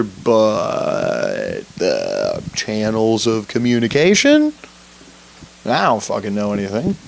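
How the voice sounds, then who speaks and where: A man's voice: on the low side, vocal fry. A young man hosting a solo podcast, rambling profanely in a casual rant, often laughing at himself. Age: young adult. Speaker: podcast host.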